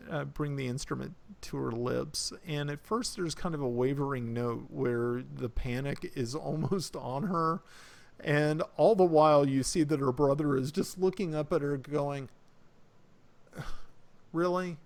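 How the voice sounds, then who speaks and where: A man's voice: on the high side, normal speed, vocal fry, darkish tone. A man narrating as game master of a tabletop game, hesitant, with many fillers and restarts.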